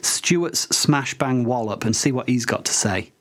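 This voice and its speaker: Playful woman hosting, low voice. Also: expressive, a little slow. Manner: playful, mock-stern. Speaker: host. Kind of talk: comedic radio show hosting.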